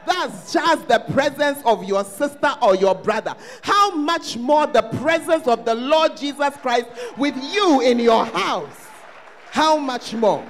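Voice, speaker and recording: Animated high-voiced Ghanaian pastor preaching. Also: male voice, a little hiss or hum. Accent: Ghanaian English. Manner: animated preaching, swings between shouting and hushed asides. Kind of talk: sermon. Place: church service.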